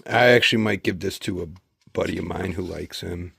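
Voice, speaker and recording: A man's voice: low-pitched, fairly quick, creaky, slightly rough, no echo, studio quality. A man who sells used and antiquarian books, chatting casually as he shows off his finds and reads out their titles, tired after long days. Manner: chatty and relaxed, reading off book titles. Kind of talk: casual show-and-tell vlog.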